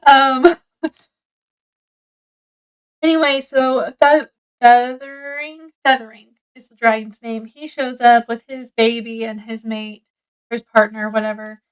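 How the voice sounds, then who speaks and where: Slow high-voiced woman reviewing a book. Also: steady tone, clean tone, poor audio. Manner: rambling retelling full of likes and ums.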